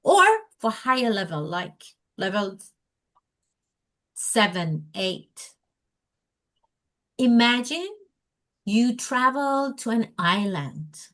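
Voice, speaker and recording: Slow-speaking woman teacher trainer. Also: on the high side, expressive, a bit bright. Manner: acts out student and teacher dialogue, non-native phrasing.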